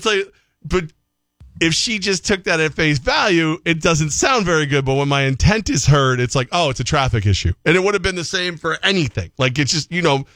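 A man's voice: fairly high pitch, no echo, studio quality. A middle-aged man co-hosting a sports talk show, rambling casually with lots of restarts. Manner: rambling, animated, restarts often.

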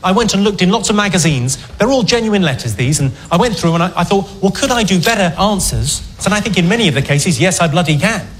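A man doing a sardonic, deadpan stand-up routine. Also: high voice, fast talker, hardly any pauses, a little hiss or hum. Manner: dry, sardonic, deadpan delivery. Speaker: stand-up comedian. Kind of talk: stand-up routine reading letters.

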